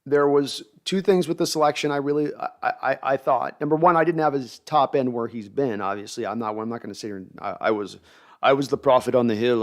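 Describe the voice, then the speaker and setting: Middle-aged male streamer host, animated, rambling, reading viewer chat live. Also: medium pitch, brisk. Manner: animated, hyped, rambling with restarts.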